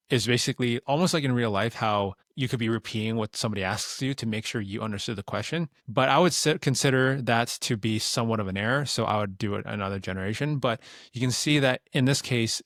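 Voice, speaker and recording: A man giving a relaxed, plain-spoken tutorial explanation as a voice-over. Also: medium pitch, no room sound, studio quality. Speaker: tutorial creator. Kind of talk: instructional screen-recording explanation.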